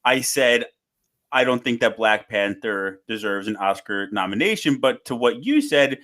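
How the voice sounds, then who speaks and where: A man's voice: mid-range voice, expressive, normal speed, a bit bright. A man hosting a podcast in casual chat, talking earnestly and jumping eagerly into the conversation. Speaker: podcast host.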